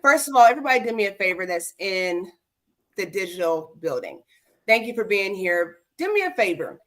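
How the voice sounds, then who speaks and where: A woman's voice: medium pitch, big pitch swings, brisk, a bit bright. Woman, livestream host, chatty, addresses viewers directly. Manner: addresses viewers directly, keeps asking "okay?". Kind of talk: casual livestream talk.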